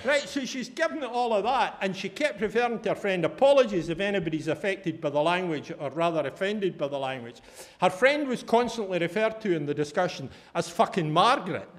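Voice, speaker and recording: A man's voice: sits high, lively intonation, brisk, few pauses. A middle-aged Scottish man giving a conference talk, telling anecdotes in a chatty way and swearing casually. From Fife, Scotland. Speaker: conference speaker. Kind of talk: humorous storytelling talk.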